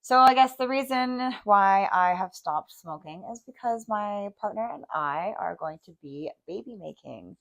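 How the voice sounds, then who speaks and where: A woman's voice: mid-range voice, animated, unhurried, gravelly, few pauses, a bit bright, dry recording. A young adult woman co-hosting a podcast, telling personal stories candidly and emotionally, with frequent swearing. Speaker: podcast co-host. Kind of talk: casual chat.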